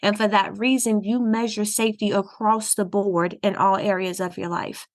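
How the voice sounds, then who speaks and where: A woman's voice: mid-range voice, fairly even intonation, moderate pace. A woman counselor with a Southern US accent, explaining things earnestly in a podcast interview. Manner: earnest, explanatory, warm laughs. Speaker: counselor guest.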